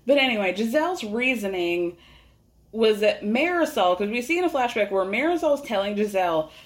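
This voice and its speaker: A woman hosting a podcast, giving a chatty, animated recap of a reality show in casual, rambling speech. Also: mid-range voice, moderate pace. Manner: chatty, animated, peppered with "like" and laughter. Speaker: podcast host. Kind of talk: casual pop culture recap monologue.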